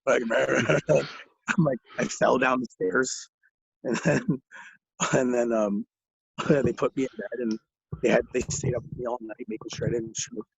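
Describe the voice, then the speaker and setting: A man's voice: medium pitch, level tone, unhurried, vocal fry, breathy edge, no echo, dull audio. A young man telling rambling stories in casual chat, laughing through them and swearing a lot. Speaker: guest.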